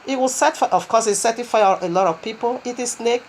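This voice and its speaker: Woman, preacher, slightly high voice, animated sermon, laughs, speaks in tongues. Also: fairly quick, a little hiss or hum. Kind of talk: sermon with scripture reading.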